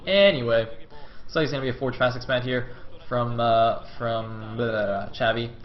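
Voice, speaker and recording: A man's voice: medium pitch, normal speed. A young man casting a video game on his own stream, chatting and rambling with lots of fillers. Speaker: game caster. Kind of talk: solo esports commentary on stream. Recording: slightly dull lo-fi stream audio with faint music.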